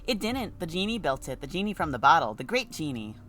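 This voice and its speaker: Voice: mid-range voice, very animated, brisk, sharp tone, faint music behind, voice pushed up. A streamer voicing a bossy, mocking child guard who teases an adult and lists things in a sing-song way. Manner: teasing, sing-song listing.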